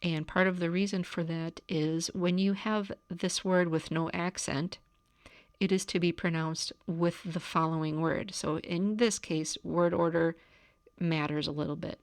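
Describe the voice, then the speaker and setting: Woman teaching a grammar lesson on camera, lowish voice, dry sound, walks through it slow and steady. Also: dry recording. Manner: calm, step-by-step explaining. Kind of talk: recorded grammar lecture.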